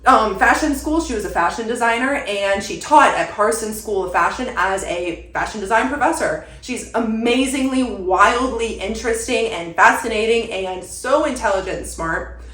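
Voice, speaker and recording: A young woman with a slightly high voice talks casually to her camera, rambling from one thing to the next and leaning on "like" as she goes. She is at home, and the room adds a noticeable echo to her voice. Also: normal speed, a bit bright. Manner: chatty, rambling, lots of "like" fillers. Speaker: content creator. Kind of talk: casual vlog chat. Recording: roomy echo.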